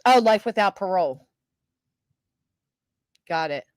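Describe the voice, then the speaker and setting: A woman's voice: mid-range voice, lively intonation, takes it slowly, dry recording. Older woman chatting, dry close sound. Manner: chatty and reactive, many fillers and restarts. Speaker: true crime livestream host. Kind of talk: casual commentary, reading viewer comments.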